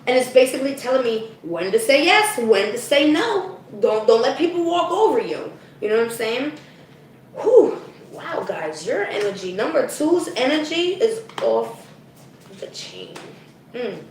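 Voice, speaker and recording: A chatty woman does a live spiritual card reading and keeps talking straight to her viewers. Her voice sits a little high and is going hoarse. She is set back from the mic in a very echoey room with a faint hiss behind her. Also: sing-song, moderate pace, distant mic. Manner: chatty, addresses viewers as "guys", frequent "okay?". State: losing her voice.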